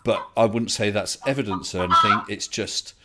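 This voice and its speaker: Man hosting a relaxed debate stream. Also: fairly low pitch, heavy background noise. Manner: polite, laughs easily, halting restarts. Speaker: livestream host. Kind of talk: casual debate chat.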